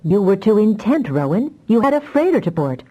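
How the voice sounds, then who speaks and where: A woman reading an audiobook voices a calm, affectionate husband who talks in a gentle, teasing way. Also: mid-range voice, a little fast, pitched above the performer's own voice, poor audio. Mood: gently teasing.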